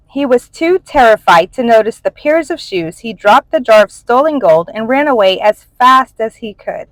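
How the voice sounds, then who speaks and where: A woman reading a children's storybook aloud in an expressive, animated way. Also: on the high side, moderate pace, few pauses, no echo, rough recording. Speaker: storybook reader.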